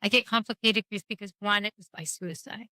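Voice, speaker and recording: A woman's voice: mid-range voice, brisk, bright, forceful tone, no echo. Frank middle-aged woman, dry close sound. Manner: frank, wry, rambling storytelling with quoted dialogue. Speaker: podcast guest. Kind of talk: candid conversation about grief.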